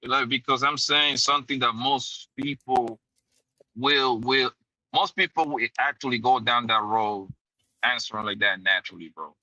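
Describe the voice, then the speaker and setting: A man's voice: mid-range voice, steady tone, normal speed, bright, forceful tone, no echo, low-quality recording. A man co-hosting a casual livestream, laid-back and full of slang.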